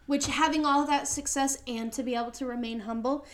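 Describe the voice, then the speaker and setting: A young woman with a high voice co-hosts a podcast, chatting casually. She is enthusiastic and laughs easily as she talks. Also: fairly even intonation, brisk. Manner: giggly, enthusiastic. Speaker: podcast co-host. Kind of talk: casual chat.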